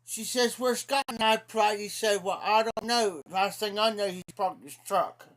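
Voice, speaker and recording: On a laid-back livestream, an Ohio-accented man with a high, somewhat bright voice tells an aggrieved, meandering tale. His delivery is slow and drawling, punctuated again and again by "I said."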